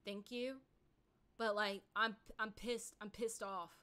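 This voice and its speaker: A woman's voice: medium pitch, steady tone, slow pace, bright, forceful tone, clean tone. A woman streaming to her chat, ranting angrily in casual talk full of fillers.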